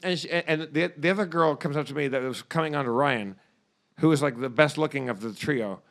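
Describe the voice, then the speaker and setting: A man's voice: a little high, fairly quick. A man co-hosting a podcast, telling a rambling comic story full of restarts and swearing. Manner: rambling, profane, stammering restarts. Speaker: podcast co-host. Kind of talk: casual comedic storytelling.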